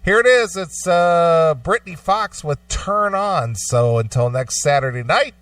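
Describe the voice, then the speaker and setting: A man hosting a talk show, wrapping up the episode and introducing a song in a relaxed way. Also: fairly high pitch, unhurried, distant mic. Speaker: radio show host. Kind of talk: casual show sign-off.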